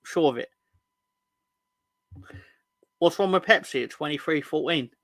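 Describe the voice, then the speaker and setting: A man's voice: a little high, unhurried, a bit bright, no room sound. A man co-hosting a football podcast, casually reading out viewer comments in a rambling, joking way, swearing and correcting himself as he goes.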